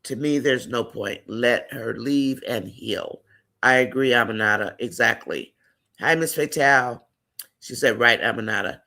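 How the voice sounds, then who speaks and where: A man's voice: mid-range voice, a little slow, gravelly, sharp tone. A man hosting a casual live-stream chat, reading viewer comments aloud and greeting and affirming viewers by name.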